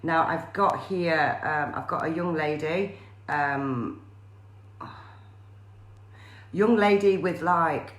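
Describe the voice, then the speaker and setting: A woman psychic medium, doing a live-streamed spirit reading in a halting way full of fillers and pauses. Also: low voice, reverberant. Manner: hesitant, many fillers and pauses.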